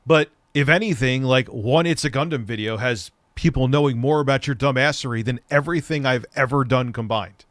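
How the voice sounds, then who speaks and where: A man's voice: medium pitch, brisk, hardly any pauses, fairly bright tone, dry recording. A man hosting a live stream, mocking and ranting with plenty of swearing as he reacts to a clip. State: recovering from a leg injury. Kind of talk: casual live-stream commentary.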